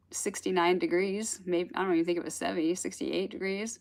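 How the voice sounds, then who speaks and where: This spiritual teacher talks fairly quickly in a fairly low voice with vocal fry and fairly even intonation. In her casual talk, she rambles through chatty stories and laughs along the way.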